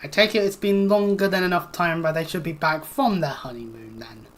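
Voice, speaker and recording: A woman's voice: lowish voice, fairly quick, slight background noise. A woman streaming a video game, chatting casually, joking and swearing freely as she plays.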